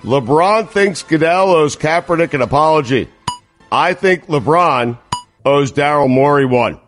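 Man, sports radio co-host, dry joke delivery, slightly high voice, unhurried. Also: soft background music. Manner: wry, deadpan delivery of jokes. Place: home, video call.

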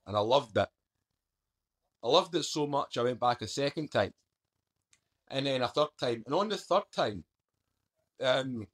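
A man recounting his story as a podcast guest, his talk casual and down to earth. He speaks with a middling pitch and slips into everyday turns of phrase as he goes. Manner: plain-spoken, conversational, uses "mate" and "I done". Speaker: guest, author.

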